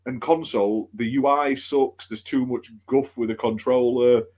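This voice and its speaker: A man co-hosting a gaming podcast, excitable and tripping over his words in casual banter. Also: medium pitch, normal speed. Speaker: podcast co-host.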